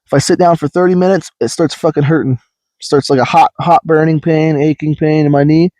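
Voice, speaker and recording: A young man co-hosting a casual chat, telling rambling stories full of swearing and loud acted-out quotes. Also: a little high, fairly even intonation, brisk, no echo. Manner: rambling storyteller, swears a lot, acts out quotes loudly. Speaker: podcast co-host.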